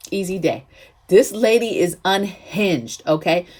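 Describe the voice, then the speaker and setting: A woman's voice: fairly low pitch, animated, measured pace, a little mellow. A woman hosting a prepping vlog, telling a story in a chatty, emphatic way, often checking in with her viewers. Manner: chatty, emphatic, frequent "okay?" asides. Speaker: prepping channel host.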